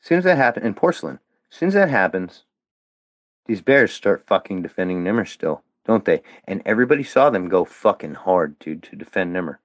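A man rants in anger, swearing freely and swinging his pitch up and down as he pushes back. The sound is dry and a little dull, like a lo-fi recording. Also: very animated, fairly quick, dry recording. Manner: profane, heated and defiant. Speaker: guest. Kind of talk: angry rant.

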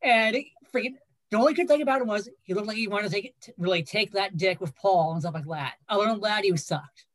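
A man's voice: high-pitched, fast, fairly bright tone. A man co-hosting a casual podcast chat, giving short, blunt and crude verdicts. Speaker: podcast co-host.

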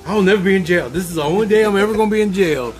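A man's voice: sits high, rapid-fire, faint music behind. A man chatting casually, swearing and laughing through his words. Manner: laid-back, profane, laughs while talking. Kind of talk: casual chat.

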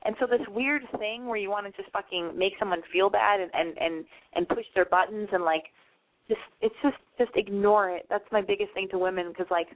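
A woman's voice: medium pitch, a little fast, dry recording. A woman radio host talking in loose, rambling, profane bursts, giving advice to callers. Her voice has a narrow, phone-like sound and a dry, close feel. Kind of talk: casual advice talk.

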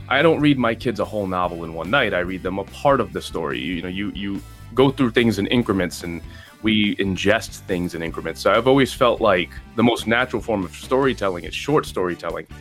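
A man's voice: low voice, expressive, brisk, fairly bright tone, faint music behind. A man who writes novels, talking loosely as an interview guest and laughing often at himself. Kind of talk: casual interview chat.

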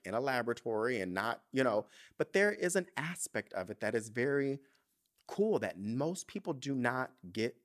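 A young man hosting a podcast, talking candidly and emotionally in a casual chat, swearing freely. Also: medium pitch. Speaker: podcast host.

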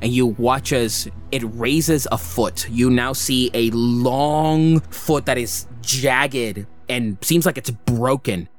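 Man, game master, slow descriptive narration, tabletop game, faint background music. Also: medium pitch. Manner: slow, descriptive, with hedging "sort of".

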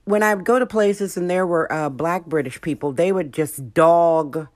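A woman's voice: on the low side, normal speed, a little mellow, dry recording, clean studio sound. An American woman hosting a podcast, telling stories in a casual monologue and acting out the voices of people she quotes. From United States. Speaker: podcast host.

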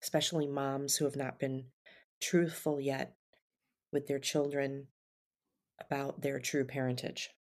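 A woman hosting a podcast interview, asking gentle, validating questions. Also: extremely low pitch, little pitch movement, unhurried, pauses often.

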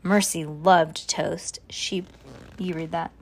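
A mother reading a children's book aloud to her daughter, animated and affectionate, breaking off for chatty asides. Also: fairly low pitch, takes it slowly, slightly rough.

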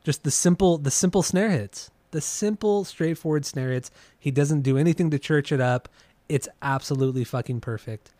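A man's voice: on the high side, moderate pace, hardly any pauses, warm tone, dry recording. A man co-hosting a podcast, chatting eagerly about an album and swearing freely. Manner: enthusiastic, swears often, trails off and restarts. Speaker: podcast co-host. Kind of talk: casual music podcast chat.

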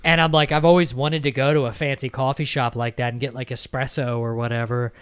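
A young man, co-hosting a podcast and telling a story in a casual, animated way, swearing and mocking himself. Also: mid-range voice, fairly quick, clear, resonant tone, no room sound, clean studio sound. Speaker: podcast co-host. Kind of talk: casual chat.

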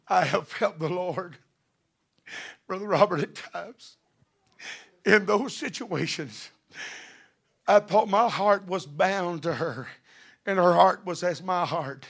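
A middle-aged preacher man with a high, gravelly voice. His tone is bright and forceful, and his fervent sermon climbs to shouted peaks. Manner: fervent, building to shouted passages.

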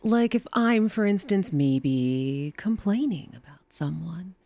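A woman's voice: on the low side, animated, slow, warm tone. A woman, a guest, telling a chatty story on a podcast and laughing along the way. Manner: chatty, laughs through her stories. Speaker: guest, a co-host's wife.

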